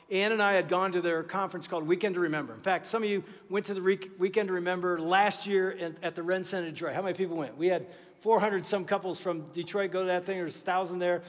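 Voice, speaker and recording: Animated middle-aged pastor preaching in a hall. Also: male voice, high-pitched. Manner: animated storytelling, acting out dialogue. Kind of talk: sermon. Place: large church auditorium.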